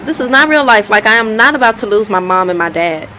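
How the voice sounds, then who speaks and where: A woman's voice: medium pitch, animated, fast talker, pushed and bright, slight background noise, rough recording. A woman telling her life story in a candid, conversational way, often repeating herself. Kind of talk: personal storytelling vlog.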